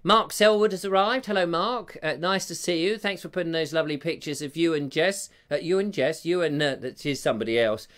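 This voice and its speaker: A man's voice: on the high side, brisk, hardly any pauses, fairly bright tone. A man hosting a live stream, reading out viewer comments in a jokey, rambling, self-mocking way. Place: home room with a fire.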